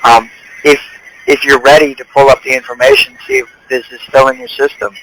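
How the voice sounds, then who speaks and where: Guy on a phone call, bright flat voice, keeps stopping and starting. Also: mid-range voice, a little hiss or hum. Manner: halting, with many restarts. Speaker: caller. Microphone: telephone.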